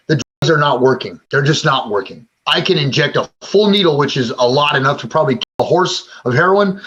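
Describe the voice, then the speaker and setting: A man's voice: a little high, fairly bright tone, breathy edge. A man in his forties, interviewed, telling his own story in a blunt, emotional way and cursing often. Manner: raw, blunt and emotional, with frequent profanity. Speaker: interviewee, former gang member in recovery. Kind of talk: candid personal storytelling. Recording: slightly dull lo-fi sound.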